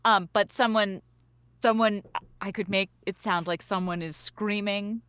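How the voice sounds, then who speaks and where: A woman playing a tabletop game, eager and quick to laugh. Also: mid-range voice, steady tone, a bit bright, clean tone, no room sound. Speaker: player. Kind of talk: tabletop game play chat.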